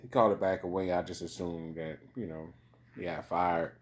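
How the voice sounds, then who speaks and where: A man's voice: deep voice, fairly even intonation, moderate pace. A man giving a rambling, casual commentary monologue, full of profanity and repeated "you know what I mean" asides.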